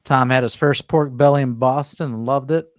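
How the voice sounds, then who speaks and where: A man's voice: mid-range voice, fairly even intonation, normal speed, no room sound, clean studio sound. A middle-aged man hosting a casual online panel chat, reading viewer comments aloud and rambling through his answers.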